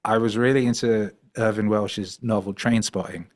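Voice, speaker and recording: A middle-aged man, a podcast guest, telling stories in an animated, rambling way, full of fillers and restarts. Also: fairly low pitch, moderate pace. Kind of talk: storytelling conversation.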